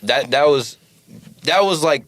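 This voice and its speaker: Man, podcast guest, animated storyteller, acts out quotes, dry close sound. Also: fairly high pitch, a little slow, dry recording. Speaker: podcast guest, studio owner. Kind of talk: casual storytelling.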